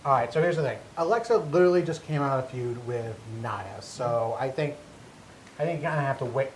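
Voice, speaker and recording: Animated, stammering man in an echoey room. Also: medium pitch, a little fast. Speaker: podcast co-host. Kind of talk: casual wrestling chat. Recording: echoey room with faint hum.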